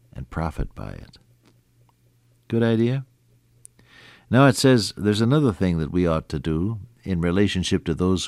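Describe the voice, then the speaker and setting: A man's voice: low-pitched, a little mellow, no room sound, clean studio sound. A man preaching a sermon, telling stories and explaining scripture in a conversational way with rhetorical questions. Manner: conversational storytelling with Greek word study.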